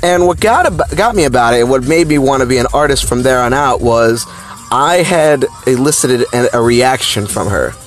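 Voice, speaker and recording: A man's voice: mid-range voice, normal speed, soft background music. Rambling man telling a childhood story. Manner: rambling, filler-heavy, animated. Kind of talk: casual personal story.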